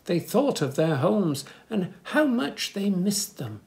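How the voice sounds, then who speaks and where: A man reading a children's picture book aloud, gently pointing things out to young listeners in soft asides and lifting his voice for the animals' lines. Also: sits high, very animated, slow pace, gravelly. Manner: lifts voice for animal speech without distinct characters. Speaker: children's story reader.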